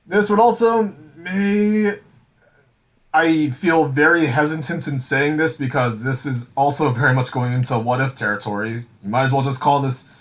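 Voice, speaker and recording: A man's voice: fairly high pitch, poor audio. A man co-hosting a podcast, rambling through a casual chat with many fillers and restarts. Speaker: podcast co-host.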